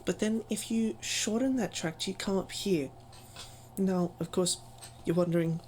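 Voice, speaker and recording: A woman's voice: medium pitch, unhurried, darkish tone, slight background noise, poor audio. Chatty woman teaching a casual voice lesson. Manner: chatty, self-deprecating, filler-heavy. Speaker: voice training tutor. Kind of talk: casual tutorial.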